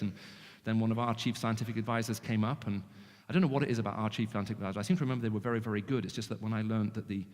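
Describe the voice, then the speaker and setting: Man, British English accent, fairly low voice, animated evangelistic talk, jokey asides, long hall reverb. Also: fast, hardly any pauses. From Middle East. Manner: animated, jokey, frequent restarts. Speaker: guest speaker.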